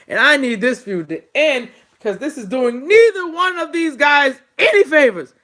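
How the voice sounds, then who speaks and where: A man's voice: very high-pitched, lively intonation, normal speed, hardly any pauses, pushed and bright. A man recapping wrestling shows in a casual, sarcastic and exasperated rant. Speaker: wrestling show reviewer.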